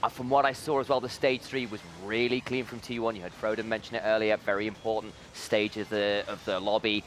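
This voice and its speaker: A man analysing a match on a live esports broadcast, speaking in a measured, analytical way. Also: lowish voice, flat delivery, a bit bright, slight background noise.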